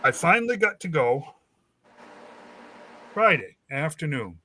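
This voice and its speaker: A man's voice: fairly high pitch, a little slow. A man hosting a casual chat, telling a rambling story and acting out the dialogue. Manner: rambling, animated, acts out quoted dialogue. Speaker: host.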